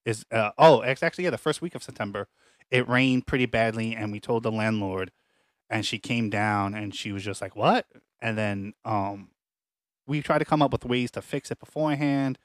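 A man co-hosting a podcast, telling a long story casually with restarts and animated retellings, recorded at home. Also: fairly low pitch, normal speed, no echo. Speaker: podcast co-host. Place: home apartment.

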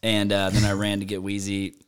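A man co-hosting a casual podcast, telling an everyday story in a relaxed way and imitating the voices of others. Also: fairly low pitch, brisk, smooth. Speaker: podcast co-host. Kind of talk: casual chat.

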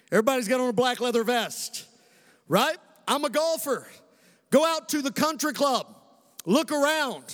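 A very high-pitched man with a Kentucky accent preaches to his congregation, stretching key phrases and calling out for responses. His voice carries a long reverb, like it is filling a large church hall. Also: a bit bright. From Western Kentucky. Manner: preacher's cadence, slowing for emphasis, calling on the congregation. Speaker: pastor. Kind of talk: sermon.

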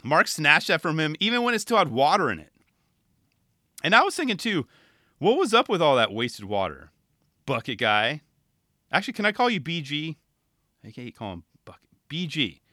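A man from California commenting on a skate video in a casual, animated, chatty way, laughing often. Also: on the high side, moderate pace, long pauses, no echo, clean studio sound. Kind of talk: casual chat.

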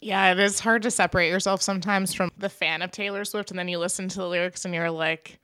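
Her fairly low, smooth voice moves quickly as the young co-host chats casually and expressively about what she's a fan of. There's no room sound, just clean studio audio.

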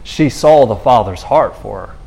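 A man's voice: mid-range voice, normal speed, creaky. Man preaching casually on a podcast. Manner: animated storytelling with slang and repeated restarts.

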